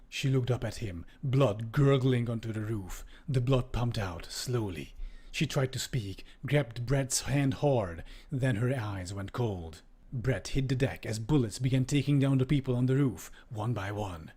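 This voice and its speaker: A man reads a book aloud on a stream and breaks off for casual, profane commentary full of laughter. His voice sits at a middling pitch. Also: expressive, normal speed, warm tone, breathy edge.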